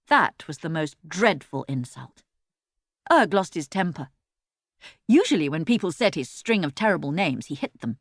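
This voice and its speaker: A woman narrating a children's storybook in an expressive, lively way, recorded close on a studio mic. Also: low voice, normal speed, no room sound. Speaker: audiobook narrator.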